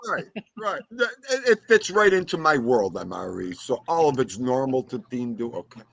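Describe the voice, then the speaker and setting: A man's voice: mid-range voice, moderate pace, vocal fry, no room sound. A man hosting a casual chat, telling dog stories in an emphatic, slangy way. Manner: animated, emphatic storytelling with street slang. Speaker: host.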